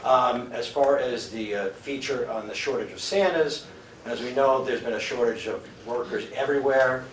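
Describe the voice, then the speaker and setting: A man's voice: mid-range voice, moderate pace, a little hiss or hum. Man, acceptance speech, earnest, many ums and uhs, roomy banquet hall, distant sound. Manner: earnest, loose with fillers. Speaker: news radio producer accepting award. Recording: echoey hall, distant mic.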